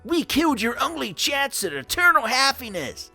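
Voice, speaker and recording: A man voicing a loud, cheery young male ninja hero from a cartoon, shouting his lines in a shrill, overexcited way. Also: big pitch swings, moderate pace, soft background music, exaggerated voice. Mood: gung-ho.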